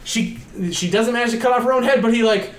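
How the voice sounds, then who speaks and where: A man co-hosting a podcast, recapping a horror film in a casual, animated way, acting out the characters with gasps and shouts and swearing often. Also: very high voice, fast talker, reverberant. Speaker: podcast co-host.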